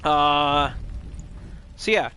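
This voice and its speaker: A man's voice: on the high side, very slow, sharp tone, smooth. A man streaming a game live, retelling a story in a loose, rambling, joking way with plenty of swearing. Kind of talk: casual live gaming commentary.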